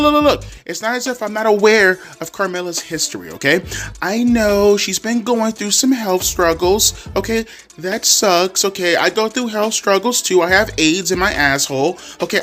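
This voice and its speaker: Man, profane reaction rant, mocking, pitch all over the place, faint music behind. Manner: loud, profane, mocking and animated. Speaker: reaction video creator. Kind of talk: ranting reaction commentary.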